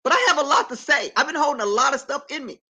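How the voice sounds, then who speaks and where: Broadcasting casually from home, a middle-aged woman calls out her viewers by name and talks with emphasis, affirming herself as she goes. She speaks fast in a high, bright, forceful voice with lively intonation.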